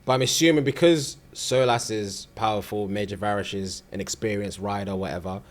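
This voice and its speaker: Low-voiced man asking questions. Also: fairly quick. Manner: attentive listener, brief acknowledgements. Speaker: podcast co-host. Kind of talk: casual chat.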